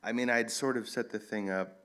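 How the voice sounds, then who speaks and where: A man, an author, who reads from his own novel and then chats in a soft-spoken, thoughtful way. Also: lowish voice, steady tone, fairly quick, clear, resonant tone.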